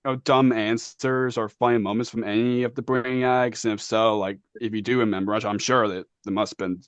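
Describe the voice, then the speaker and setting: A man's voice: lowish voice, fairly even intonation, a little fast, no room sound. A man co-hosting a podcast, asking a guest questions in a casual, hesitant way. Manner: hesitant, many fillers while asking. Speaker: podcast co-host. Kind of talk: casual interview chat.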